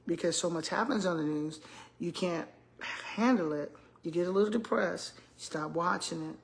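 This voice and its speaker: This older vlogger, a retired school principal, has a mid-range voice and talks casually to viewers she addresses as y'all. She laughs a lot during her animated storytelling, and a little hiss or hum is audible.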